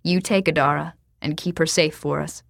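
A woman voicing a stubborn, steady farmer father who speaks slowly, firmly and with resolve. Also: low voice, gravelly, dry recording, studio quality. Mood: guarded. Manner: slow, firm and resolute.

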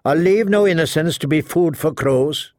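In a clean studio recording with no room sound, a man voices a stern, earnest woman knight in a stiff, formal way. His voice is a little high and a little mellow, close to an everyday voice, at a moderate pace.

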